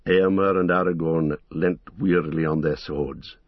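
A man narrating a storybook reading in a steady, measured way. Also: rumbling low, no echo. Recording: dull lo-fi recording.

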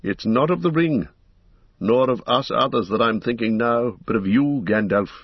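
A man's voice: medium pitch, moderate pace, husky, dry recording. A man reading the part of a weary, earnest ranger in an audiobook, speaking in a heavy, grim way. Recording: dull lo-fi recording.

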